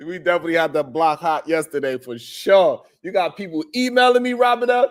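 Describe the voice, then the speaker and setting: High-voiced man joking on a live stream. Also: lively intonation, normal speed. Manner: loose, profane, joking, often laughing. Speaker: live-stream show host. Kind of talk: casual live-stream chat to viewers.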